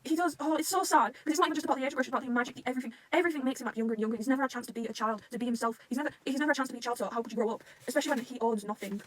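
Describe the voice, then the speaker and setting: A woman in a casual fan reaction vlog, gushing and emotional, swearing freely and jumping into excited squeals. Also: fairly high pitch, racing, hardly any pauses, no echo. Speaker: manga reaction vlogger.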